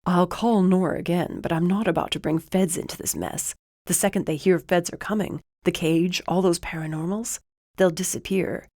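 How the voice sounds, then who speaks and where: A woman's voice: fairly low pitch, steady tone, moderate pace, dark tone, dry recording, studio quality, close to an everyday voice. A woman narrator voicing a protective young adult man who argues with urgent, level reasoning. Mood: firm. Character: protective young adult male ally, steady and firm. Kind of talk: audiobook character voice.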